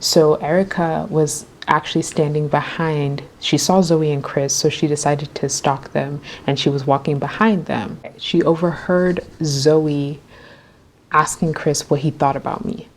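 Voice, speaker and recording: A young woman with a notably low voice tells a story for her vlog. She is chatty and animated, leaning on fillers as she goes. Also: unhurried. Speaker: vlogger.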